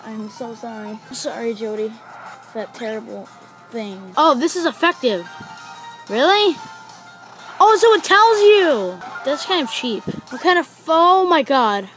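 Excitable high-voiced young woman gamer. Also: unhurried, soft background music, poor audio. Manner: excitable, swears a lot, gasps and shouts at the game. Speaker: gaming YouTuber. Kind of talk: let's play commentary.

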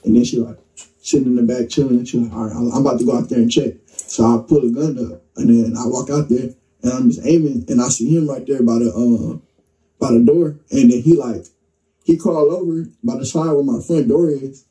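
A man's voice: mid-range voice, brisk, recorded from a distance, low-quality recording. A man casually telling a story in slangy speech, acting out what people said. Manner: relaxed, slangy, acts out dialogue. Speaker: interview guest telling his story.

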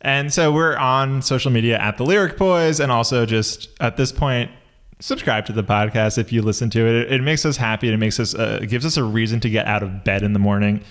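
A man's voice: medium pitch, a little fast, fairly bright tone. Laid-back young man podcast co-host. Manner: laughs often, breaks into mocking quoted voices. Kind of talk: casual comedic chat.

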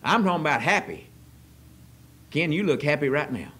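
A man preaching a sermon as pastor, folksy and joking, swinging from quiet asides to loud excited bursts. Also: a little high, normal speed. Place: church service.

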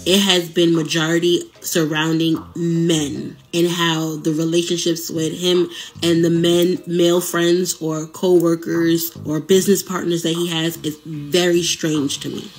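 A young adult woman hosting a podcast, telling a personal relationship story in a casual, animated way with asides to listeners. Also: lowish voice, a little slow. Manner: animated, conversational, many fillers and asides to listeners.

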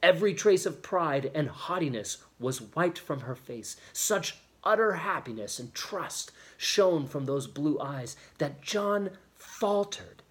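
A man reading a novel chapter aloud in a steady, expressive storytelling manner. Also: a little high, slow pace, few pauses. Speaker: audiobook reader.

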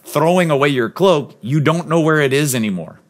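A man's voice: lively intonation, fairly quick. Earnest male pastor preaching a sermon. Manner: earnest, emphatic storytelling preacher; drops to a soft, low voice on key points.

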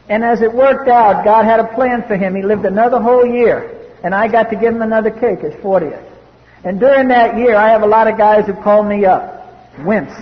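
A man from the US East Coast giving a personal testimony talk at a recovery meeting, blunt and wry. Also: high voice. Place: meeting hall. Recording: dull old cassette tape in a reverberant hall.

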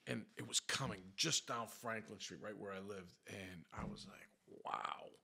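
A male podcast host tells loose, profane anecdotes in a relaxed chat. His voice is gravelly and rough, with a husky edge and a bright, forceful tone. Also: lowish voice, normal speed. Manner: swears freely, animated anecdotes. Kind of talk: casual storytelling chat.

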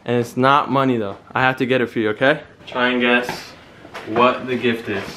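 A young man talks to his camera in a relaxed prank vlog. He is playful and teasing and keeps breaking into laughter. A faint noise sits behind his mid-pitched voice. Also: normal speed. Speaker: vlogger.

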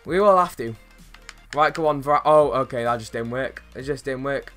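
A young man streaming a football game, chatting casually with viewers and reacting to plays with bursts of excitement. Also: mid-range voice, moderate pace, faint music behind. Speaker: gaming streamer. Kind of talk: casual live-stream chat while playing.

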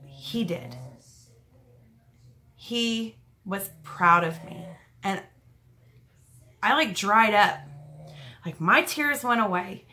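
A young woman telling a personal story in a casual, halting, emotional way, full of fillers and restarts. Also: mid-range voice, lively intonation, pushed and bright.

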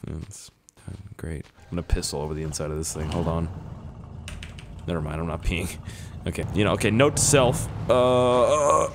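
A young man commentating his gameplay, rambling and swearing, with sudden yelling bursts and a voice hoarse from screaming. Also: lowish voice, slight background noise. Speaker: gaming YouTuber. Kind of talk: casual let's-play commentary.

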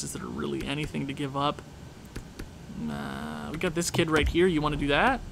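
A gaming channel host offers loose, casual running commentary on a video game, talking directly at the screen and now and then breaking into loud, laughing shouts. His voice is somewhat high and gravelly, with a faint hiss of noise underneath.

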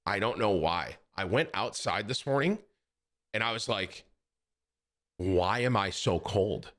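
A man's voice: fairly low pitch, lively intonation, unhurried, pauses often. A man in his thirties chatting casually and jokingly to his live-stream audience, dropping "bro" often. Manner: loud, joking, says bro a lot.

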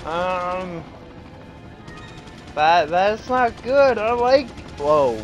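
A sleep-deprived man giving excitable let's play commentary, prone to sudden exclamations. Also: high-pitched, drawn-out words, faint music behind. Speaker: gameplay commentator.

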